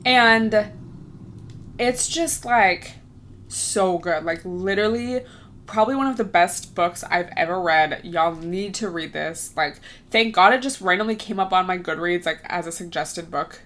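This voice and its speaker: A woman's voice: fairly low pitch, unhurried, a bit bright. Chatty young woman podcast host. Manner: chatty, lots of "like", laughs often. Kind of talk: casual solo chat.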